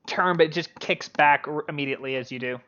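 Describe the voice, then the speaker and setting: Halting game master, dull lo-fi sound. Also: medium pitch, fairly bright tone. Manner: halting, many fillers. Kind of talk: narrating a tabletop game.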